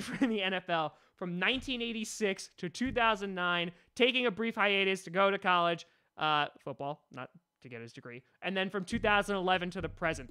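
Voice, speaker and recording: A man's voice: sits high, bright, forceful tone, clear, resonant tone. A man hosting a comedic sports podcast, rambling and joking with mock sarcasm. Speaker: podcast host.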